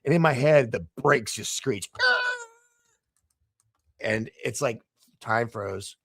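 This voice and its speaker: A middle-aged man, a podcast guest, telling animated anecdotes and acting out the dialogue in shifting voices. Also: mid-range voice, slow, vocal fry, breathy edge. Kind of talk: casual storytelling in a podcast interview.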